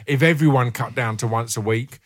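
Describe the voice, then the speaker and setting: A man's voice: mid-range voice, a little fast, a crowd in the background. A man hosting a casual, sweary chat and reading out listener questions. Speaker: podcast host.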